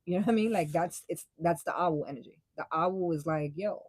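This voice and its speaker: A young woman giving a casual live tarot reading, blunt and profane, full of slang and quick laughs. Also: fairly low pitch, darkish tone, no room sound, poor audio. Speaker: tarot reader.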